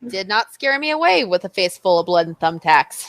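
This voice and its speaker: A young woman co-hosts a podcast, chatting casually at a normal speed in a mid-range voice. She tells stories animatedly, acting out what people said.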